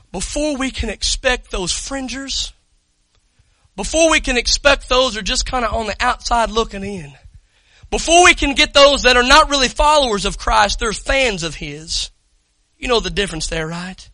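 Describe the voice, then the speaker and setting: A man preaching a sermon, telling stories in a hush and then shouting with excitement while calling people up front. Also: very high-pitched, no echo, low-quality recording. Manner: swings from hushed storytelling to loud excited shouting; talks directly to the congregation, calls people up.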